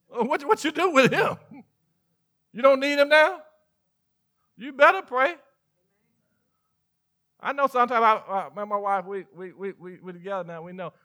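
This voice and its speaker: A Southern man preaches from the pulpit in a high, forceful, bright voice. He teases his listeners with mock questions and quick asides, swinging between loud preaching and quiet confiding lines. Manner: preaching with call-and-response asides and playful mock dialogue. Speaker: pastor. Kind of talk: sermon.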